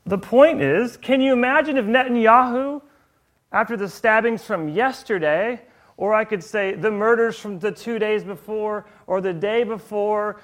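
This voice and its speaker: Male preacher, high voice, animated, quizzes the congregation with rhetorical questions. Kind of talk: sermon.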